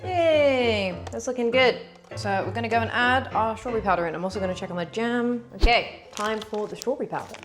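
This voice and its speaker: A woman's voice: a little high, fast talker, music in the background. A woman chatting casually to viewers as she bakes in a cooking vlog. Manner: chatty, talks to viewers while working. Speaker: cooking vlogger.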